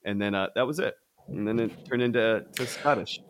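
A man's voice: on the low side, fairly quick. A man co-hosting a podcast, chatting casually about films, rambling with many restarts and bursts of enthusiasm. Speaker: podcast co-host. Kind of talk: casual film discussion.

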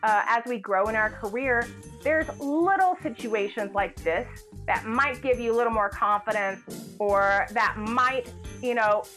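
A woman's voice: a little high, measured pace, faint music behind. A woman from Kentucky telling a story casually, acting out the people in it with shifting voices. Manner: animated, acts out quotes in shifting voices. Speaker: guest, hotel general manager.

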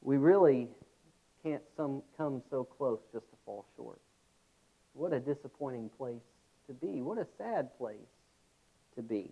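A man preaching a sermon, earnest, with reflective pauses. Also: mid-range voice, expressive, gravelly, warm tone. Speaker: pastor. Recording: tinny phone-like sound.

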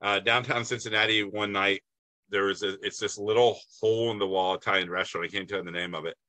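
A man appearing as a guest on a casual podcast, telling stories in an animated way. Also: on the low side, fast talker, no room sound, poor audio. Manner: animated storyteller.

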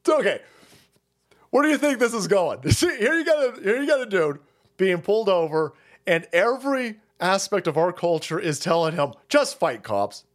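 A man's voice: high-pitched, big pitch swings, moderate pace. A male streamer giving crude, mocking, profane ranting commentary, laughing often.

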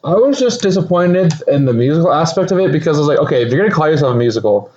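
A man with a fairly high voice rambles through a casual chat, restarting his sentences often. The sound is a little muffled. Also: expressive, racing, darkish tone. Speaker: podcast co-host. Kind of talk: casual chat about a movie.

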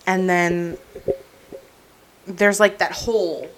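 A woman's voice: on the low side, takes it slowly, noisy background. A woman co-hosting a podcast, telling a story in casual chat, full of "like" and "um" and laughing as she goes. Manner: animated storyteller, frequent "like" and "um"; laughs through her anecdotes. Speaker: podcast co-host.

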